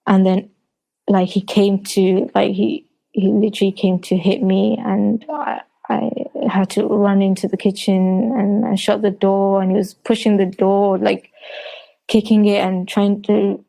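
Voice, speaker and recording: Hesitant soft-toned London woman. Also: medium pitch, measured pace, vocal fry, rough recording. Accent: London English. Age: 30s. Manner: hesitant, many restarts and fillers; recounts quotes in a flat retelling voice. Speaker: guest. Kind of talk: personal testimony in an interview.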